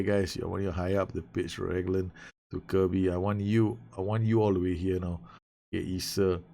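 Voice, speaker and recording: A man giving excited, nervous live commentary on his own football management game, swearing and shouting orders at his players. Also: deep voice, vocal fry, a little hiss or hum. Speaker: gaming YouTuber.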